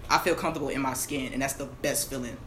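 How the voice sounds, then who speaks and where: A young adult podcast co-host telling a personal story in fast, candid, slang-filled casual chat. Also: mid-range voice, fairly even intonation. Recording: echoey room, mic at a distance, faint hiss.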